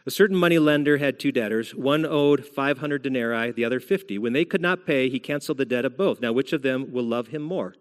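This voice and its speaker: A man's voice: medium pitch, brisk, hardly any pauses, clear, resonant tone. A man, a senior pastor, delivering a sermon in a church sanctuary, retelling scripture in a conversational storytelling manner. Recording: long hall reverb.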